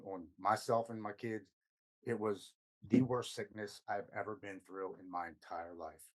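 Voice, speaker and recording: A man's voice: fairly low pitch, low-quality recording. A man in his forties, a podcast guest telling a personal recovery story in an earnest way, often quoting himself and others and repeating words when moved. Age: 40s.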